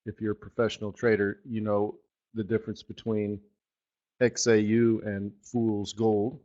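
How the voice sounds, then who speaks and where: A man's voice: on the low side, flat delivery, measured pace, mellow, muffled recording. A man hosting a live trading webinar, talking in a sarcastic, joking, rambling way. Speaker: forex market strategist hosting a live webinar.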